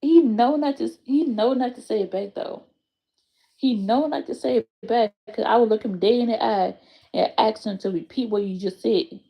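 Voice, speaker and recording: Gravelly, warm-voiced woman telling stories. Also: moderate pace. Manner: animated, swears freely, acts out quotes with big pitch jumps. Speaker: aunt telling a story. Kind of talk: casual storytelling vlog.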